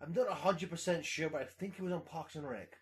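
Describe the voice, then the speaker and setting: A man's voice: a little high, a little fast. A young man in casual chat, rambling and swearing, laughing often.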